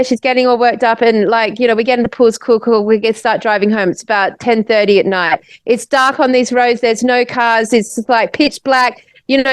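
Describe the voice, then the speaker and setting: An Australian woman, a podcast co-host, telling a long story in casual chat, animated and swearing, restarting her sentences. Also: fairly high pitch, clean tone, dry recording.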